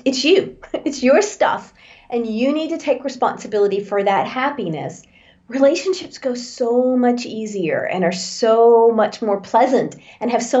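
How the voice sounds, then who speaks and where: A woman's voice: a little high, a little mellow, highs cut off. A woman author answering interview questions in a thoughtful, earnest way. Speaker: author, podcast guest.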